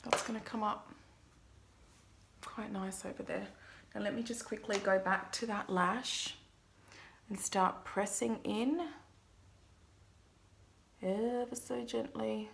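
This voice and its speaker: A woman's voice: mid-range voice, fairly even intonation, slow, gravelly, pauses often, a little hiss or hum. A young woman, a makeup artist, chatting to viewers through a makeup tutorial vlog in a self-mocking way.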